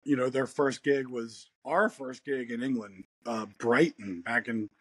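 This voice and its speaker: Rambly american guy in an interview, husky voice, laughs a lot, dead dry sound. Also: mid-range voice, fairly even intonation, a little slow, fairly bright tone, no echo. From United States. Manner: laid-back, rambling, laughs often. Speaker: guest musician. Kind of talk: casual interview chat.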